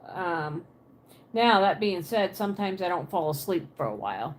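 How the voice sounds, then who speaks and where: Very animated and fairly low-voiced, she keeps a moderate pace while chatting on a livestream in her apartment. The woman hails from Pennsylvania, with a Pennsylvania Dutch accent and a Southern twang, and she talks back to viewers' comments.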